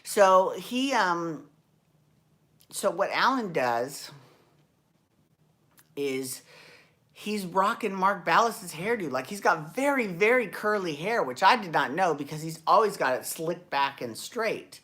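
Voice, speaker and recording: A woman's voice: fairly low pitch, animated, slow pace, fairly bright tone. A woman hosting a casual recap show, rambling and chatty with frequent restarts and the odd swear. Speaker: podcast host recapping dance shows. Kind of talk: casual chat.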